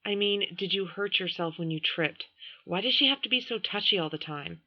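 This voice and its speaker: A woman giving voice to an earnest teenage boy who talks straight and gets exasperated with his sister. The pitch stays in a middle range, and the recording has a dull, lo-fi sound. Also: expressive, normal speed, no echo. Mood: concerned.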